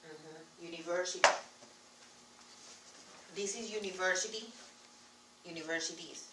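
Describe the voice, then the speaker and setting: A woman teaches Spanish in English, her Spanish accent clear as she patiently repeats key words and writes on the board. Her lowish voice is unhurried under heavy background noise, and the echoey classroom is recorded from far off.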